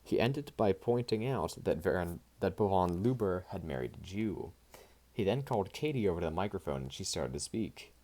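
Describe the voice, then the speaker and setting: Deep-voiced male audiobook reader. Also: expressive, normal speed, mellow, slight background noise. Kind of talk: scripted nonfiction audiobook narration.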